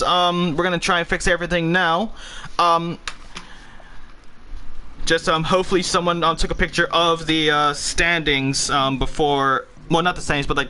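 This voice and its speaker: A young man commentating a live sim-racing stream in a chatty, halting way, with many pauses and ums. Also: fairly high pitch, sharp tone, slight background noise. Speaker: race commentator.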